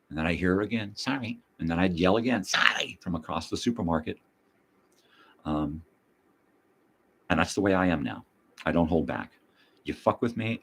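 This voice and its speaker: A man's voice: deep voice, slightly rough. An older man hosting his own show, ranting bluntly with heavy profanity and mocking repetition. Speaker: host. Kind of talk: ranting monologue.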